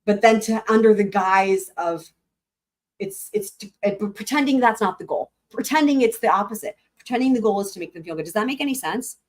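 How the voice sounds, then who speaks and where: A woman's voice: medium pitch, big pitch swings, fairly quick. A woman hosting a casual live stream, talking to her chat in a rambling way with many fillers. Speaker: livestream host.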